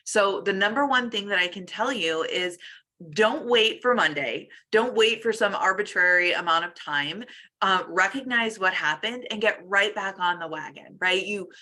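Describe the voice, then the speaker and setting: Bright-voiced encouraging woman coach. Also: medium pitch. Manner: encouraging, conversational, many fillers and restarts. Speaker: weight loss coach and show host. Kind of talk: casual motivational talk.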